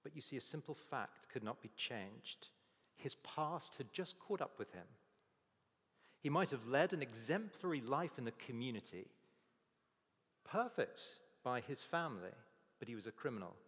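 A man's voice: mid-range voice, expressive, moderate pace, pauses often, a bit bright. A man preaching a sermon, telling stories and acting out the people's voices in quotes. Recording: long reverb of a large hall.

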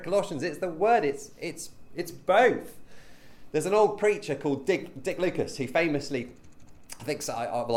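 A man leading a teaching session as a preacher, conversational, with frequent ums and rhetorical questions. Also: fairly high pitch.

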